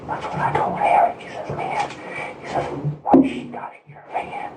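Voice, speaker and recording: A man recounting events in a recorded interview, agitated and rambling, repeating himself. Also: normal speed. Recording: distant, roomy recording with loud noise.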